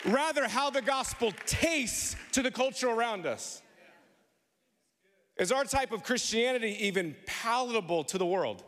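A man preaching in a church, with a high, bright voice that carries a long reverberation through the hall. He tells stories with humor and calls on the congregation to answer him back. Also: animated, moderate pace, some chatter behind. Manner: storytelling with humor, call-and-response with congregation. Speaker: pastor. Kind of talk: sermon. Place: church sanctuary.

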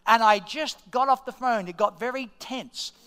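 A middle-aged Australian man preaching a sermon as pastor, an animated storyteller who swings from hushed asides to loud excited peaks. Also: very high-pitched, normal speed, clean tone. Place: church auditorium. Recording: long reverb of a large church hall.

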